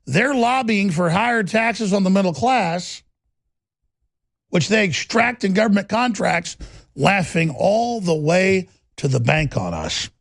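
A middle-aged man hosting a talk show, ranting in a heated, mocking monologue with a raspy voice. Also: high-pitched, no echo. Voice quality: gravelly, raspy.

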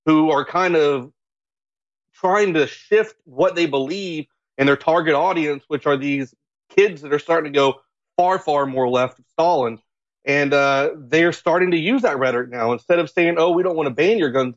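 Halting male guest on a dull line. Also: a little high. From Florida. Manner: halting, with many fillers and restarts. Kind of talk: political talk show interview.

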